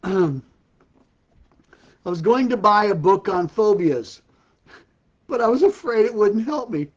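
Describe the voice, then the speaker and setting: A man's voice: high voice, expressive, a little slow, lo-fi sound. An older man hosting a casual live stream for a ministry, telling puns and repeatedly breaking into laughter at his own jokes. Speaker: ministry host. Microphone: live-stream setup.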